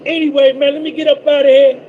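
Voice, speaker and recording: Very high-voiced New Jersey man. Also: little pitch movement, fast talker, phone-quality sound, a little hiss or hum. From North Jersey, USA. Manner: boastful, repetitive, giving shout-outs. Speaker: trucker livestream host. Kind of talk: casual live-stream monologue.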